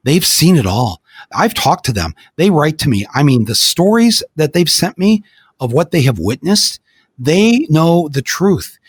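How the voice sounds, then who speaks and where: An older man hosting a podcast, telling stories in an animated way with many restarts. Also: a little high, a little slow, husky, no echo. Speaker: podcast host. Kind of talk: casual podcast conversation.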